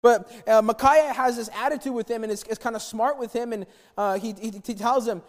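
Guy preaching a sermon, high voice, lots of reverb in the hall, acts out the story. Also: brisk, hardly any pauses. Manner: animated storytelling, acts out quotes, repeats words. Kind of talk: sermon retelling a Bible story.

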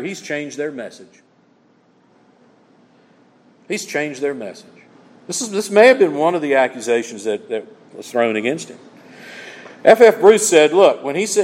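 A man preaches a Bible sermon with emphatic, repeated phrases. His fairly high voice swings widely in pitch. The sound carries a long reverb from a large church hall. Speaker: pastor. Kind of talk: expository sermon.

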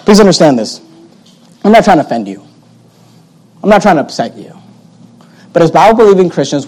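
A male pastor with a notably high voice delivers a sermon. He drives his points home by repeating key phrases and reads scripture aloud in old-fashioned wording. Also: sing-song, brisk, long pauses, darkish tone, low-quality recording.

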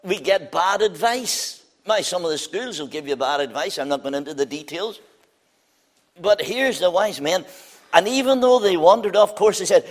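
A man's voice: lively intonation, normal speed. Fervent preacher, man. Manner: fervent, swings from loud appeals to hushed low lines. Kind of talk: evangelistic sermon.

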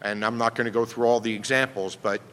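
Man preaching a sermon, pastor, emphatic, bright tone, long hall reverb. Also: medium pitch, steady tone, fast, slight background noise. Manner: emphatic, asks "right?" often.

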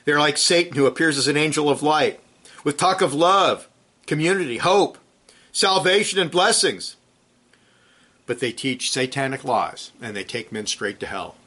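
Male preacher, bright, tense tone, forceful sermon delivery with sharp swings in volume. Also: normal speed. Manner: forceful preaching, swings between loud emphatic peaks and low drops; clears throat now and then.

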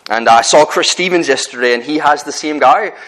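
A man's voice: on the high side, fairly quick, fairly bright tone, rough recording. A man with a Northern Irish accent preaching a sermon in an earnest, conversational way, often restarting his phrases and telling personal stories.

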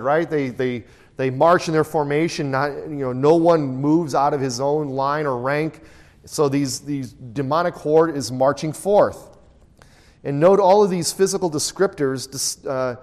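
A man's voice: a little high, darkish tone. A man leading a Bible study, reading scripture aloud and asking his group questions, then echoing their answers. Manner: reads scripture aloud in a raised voice. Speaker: Bible teacher. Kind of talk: interactive Bible study teaching.

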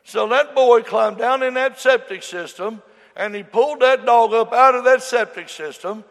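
A high-pitched, gravelly older man preaches a folksy sermon full of stories. He swings from shouting to near murmurs, and his voice rings through a hall with a long reverb. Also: normal speed. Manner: shouting and dropping to a murmur, storytelling.

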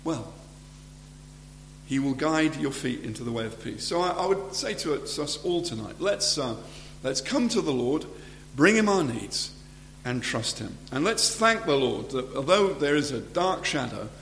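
A man's voice: medium pitch, sing-song, measured pace, a bit bright. A man preaching a sermon in a church and closing with a prayer, earnest and conversational, often restarting his phrases. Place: church hall. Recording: echoey hall with faint hum.

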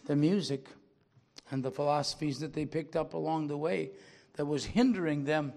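An older man preaching a sermon, speaking slowly and earnestly, then leading a prayer. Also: a little high, vocal fry. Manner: slow and earnest, rising to loud dramatic recitation. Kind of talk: sermon closing with a recited poem and prayer.

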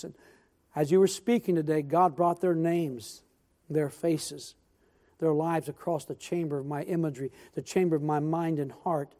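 A man preaching a church sermon, telling a story in a folksy, animated way with repeated words and restarts, then closing with earnest pleas. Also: fairly high pitch, moderate pace. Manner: earnest, appealing pleas asking amen. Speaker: pastor. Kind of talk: sermon with storytelling and altar call. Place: church sanctuary.

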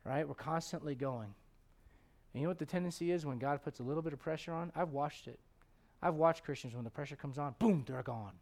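A middle-aged man preaching a sermon as pastor, animated, swinging from loud exclamations to hushed tones and acting out voices in his stories. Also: a little high, a little fast, gravelly. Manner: acts out voices in his stories, chuckles often.

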